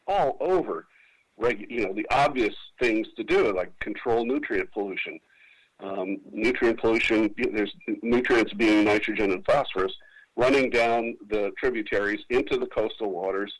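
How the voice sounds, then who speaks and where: Low male interview guest on radio, rambling, lots of fillers. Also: low-quality recording. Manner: rambling, many restarts and fillers. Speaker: political candidate. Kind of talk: casual interview answer. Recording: radio broadcast.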